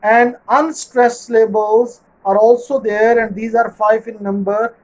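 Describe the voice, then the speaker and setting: Slow, measured male literature teacher. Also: high voice, fairly even intonation, rough recording. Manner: measured, repeats and rephrases points. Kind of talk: recorded online lecture.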